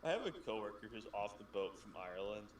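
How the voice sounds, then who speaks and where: A man's voice: on the low side, sing-song, quick pace, recorded from a distance, slight background noise. A man co-hosting a casual gaming stream, telling stories and swearing freely. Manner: profane, rambling storyteller. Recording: echoey and off-mic with music.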